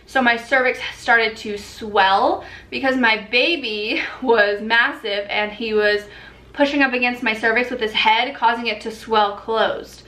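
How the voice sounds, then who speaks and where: A woman's voice: on the high side, steady tone, a little slow, bright, forceful tone. A young woman vlogger telling a personal story in a candid, chatty way, with many fillers. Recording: echoey room.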